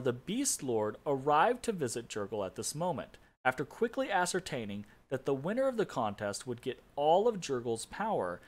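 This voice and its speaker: A man hosting a casual game playthrough, reading an in-game story aloud with amused asides and laughter. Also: medium pitch. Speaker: let's play host.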